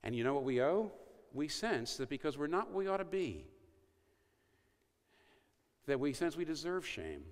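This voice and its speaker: Speaking at a university event in a reverberant hall, a man gives an evangelistic talk, telling stories and acting out quoted lines. His slightly high voice is sing-song, at normal speed, with long pauses.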